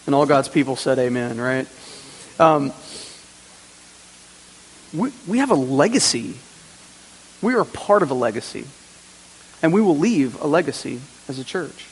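Man, pastor, earnest sermon, slightly raised pitch, faint hiss, long church reverb. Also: lively intonation, a little slow, pauses often. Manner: earnest preaching with repeated phrases and rhetorical questions. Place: church sanctuary.

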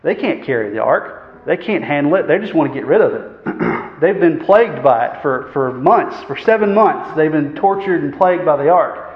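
Man, pastor preaching a sermon, slightly high voice, boomy church hall, muffled sound. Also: animated, moderate pace. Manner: earnest, asks the congregation rhetorical questions; frequent fillers and throat clearing. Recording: echoey hall, dull sound.

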